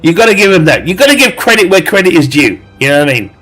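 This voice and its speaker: Brief: chatty male gamer, bright forceful voice, jokes and laughs through his commentary. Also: a little high, big pitch swings, quick pace, husky. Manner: joking, laughs often. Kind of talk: casual gameplay commentary.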